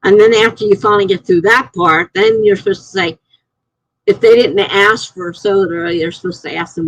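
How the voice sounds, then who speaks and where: A middle-aged woman talks casually on her live stream, rambling from one story to the next. Her voice has a gravelly edge, and the sound is dry and close with no room around it. She grows animated when something offends her. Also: lowish voice, moderate pace, dry recording, rough recording. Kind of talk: casual live-stream chat reading comments.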